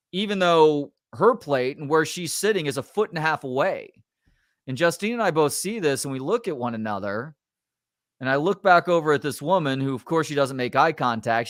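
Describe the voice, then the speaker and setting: A middle-aged man, a sports talk show host, telling a story in a casual, animated and exasperated way, swearing now and then. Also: on the high side, no room sound, studio quality.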